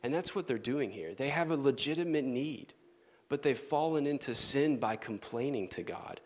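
A man preaching a sermon in an earnest manner, dropping to soft, low tones for emphasis. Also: lively intonation, normal speed.

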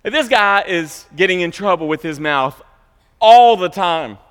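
A man preaching in a church, pitched a little high, leaning hard on key words and then falling to hushed asides. His voice rings out with a long hall reverb behind it. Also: lively intonation, a little slow, clear, resonant tone. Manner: emphatic, swings between loud high stresses and quiet low asides. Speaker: pastor. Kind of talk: sermon. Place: church sanctuary.

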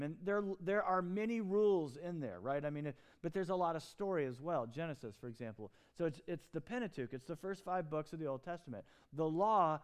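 A man preaching a sermon in an animated, emphatic way, with quick asides and restarts. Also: sits high, clear, resonant tone. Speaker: pastor.

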